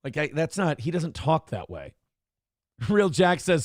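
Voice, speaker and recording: A man's voice: a little high, big pitch swings, a little slow, dry recording, clean studio sound. A man hosting a live-stream show casually, reading viewer comments aloud and joking crudely. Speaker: host.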